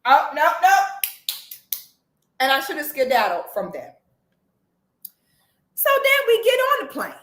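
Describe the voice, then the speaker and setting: A woman vlogger telling a story in a casual, comic way, animated, with loud exclamations and cursing, speaking straight to her viewers. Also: high-pitched, moderate pace, long pauses. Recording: echoey room.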